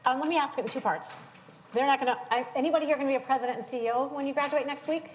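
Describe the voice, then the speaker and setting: A woman's voice: sits high, steady tone, racing. A woman from the American South interviewing a guest onstage in front of an audience, chatty and laughing easily. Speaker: interviewer, center director. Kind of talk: onstage conversation. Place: lecture hall with audience. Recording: long hall reverb, faint noise.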